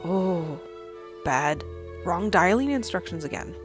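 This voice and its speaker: A woman's voice: lowish voice, lively intonation, slow pace, over music. A woman giving casual, chatty commentary over a game playthrough, pointing out details and laughing often. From Canada.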